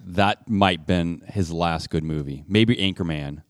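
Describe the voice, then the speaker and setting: A man's voice: low voice, a little slow, no room sound, clean studio sound. A man co-hosting a podcast in casual chat, blunt and opinionated, swearing casually. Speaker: podcast co-host.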